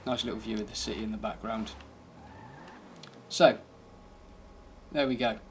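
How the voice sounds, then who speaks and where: A man's voice: on the low side, steady tone, measured pace, noisy background. A man giving casual, laid-back commentary over gameplay, thinking aloud as he drives and tests a car. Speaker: gaming channel host.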